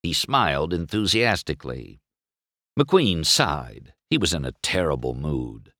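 A man's voice: extremely low pitch, sing-song, unhurried, pushed and bright, no room sound, studio quality. A man reading a children's storybook aloud as narrator.

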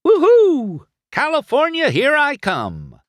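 A man's voice: medium pitch, wildly swooping pitch, a little slow, fairly bright tone, no room sound, pitched above the performer's own voice, full character voice. A man voicing a cocky young male race car in a storybook reading, whiny and exclaiming. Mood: frantic. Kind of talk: storybook character voice.

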